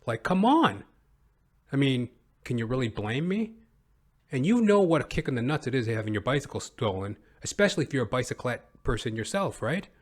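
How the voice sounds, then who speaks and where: A young man hosting his own podcast, telling a comic story in an animated, profane, self-mocking way. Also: medium pitch, a little fast. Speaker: podcast host. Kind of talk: comedic storytelling monologue.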